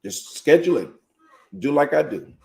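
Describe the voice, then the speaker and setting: A man hosting a live teaching show as a pastor, telling animated personal stories and speaking straight to his viewers. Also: a little high, normal speed, vocal fry.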